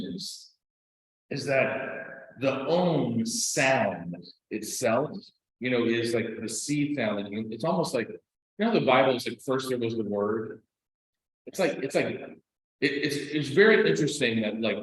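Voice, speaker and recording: A man teaching a class, telling stories in a loose, chatty way with lots of fillers and quick "right?" asides. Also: on the low side. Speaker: meditation and scripture teacher. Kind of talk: casual class talk with storytelling. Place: teaching room. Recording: very echoey room.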